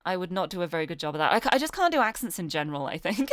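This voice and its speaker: A woman's voice: on the low side, very animated, racing, no echo, studio quality. A young British woman streaming a game, chatting with viewers and reading the story aloud. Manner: chatty, giggly, greets chat.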